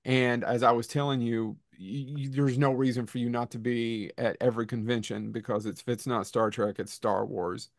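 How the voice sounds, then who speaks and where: Gravelly male podcast host. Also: mid-range voice, steady tone, normal speed, hardly any pauses, dry recording, studio quality. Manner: enthusiastic, asks rambling questions. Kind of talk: casual interview.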